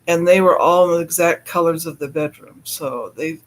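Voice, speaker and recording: High-voiced man chatting on a live stream. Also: normal speed. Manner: chatty, laughs often, breaks off to greet viewers in chat. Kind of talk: casual live stream chat.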